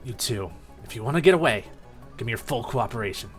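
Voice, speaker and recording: A streamer voicing a gruff lizard outlaw who talks in a curt, dismissive way, reading game dialogue aloud. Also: mid-range voice, expressive, quick pace, soft background music, lightly acted.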